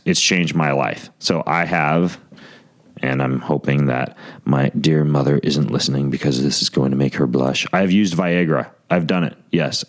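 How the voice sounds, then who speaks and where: Very deep-voiced man reading podcast ads. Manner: joking, rambling, self-mocking. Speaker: podcast host. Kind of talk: casual ad read.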